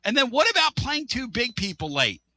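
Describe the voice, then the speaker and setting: A man's voice: extremely high pitch, sing-song, normal speed, bright, forceful tone, dry recording. A man hosting a sports talk show, ranting with exasperation and sarcastic asides. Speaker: sports talk radio host.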